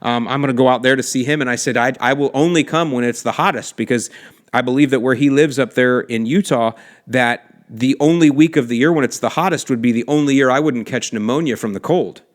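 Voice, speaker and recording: A man's voice: medium pitch, fairly quick. A man hosting a lawn care podcast, explaining soil temperatures in a chatty, enthusiastic way with slangy asides. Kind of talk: casual explanatory podcast talk. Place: lives in South Florida.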